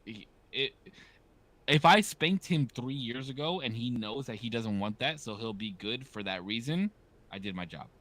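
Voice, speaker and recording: A man's voice: medium pitch, moderate pace. A man in his thirties hosting a podcast, chatting casually and acting out stories with quoted dialogue. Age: 30s. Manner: animated storyteller, acts out quoted dialogue. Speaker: podcast host. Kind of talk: casual chat.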